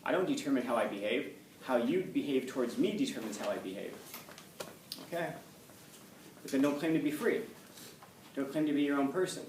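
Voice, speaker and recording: A blunt, forthright man lectures his class, peppering his students with rhetorical questions in a brisk, animated delivery with frequent pauses. His voice is mid-range and darkish, captured from some distance in an echoey classroom with a faint hum underneath.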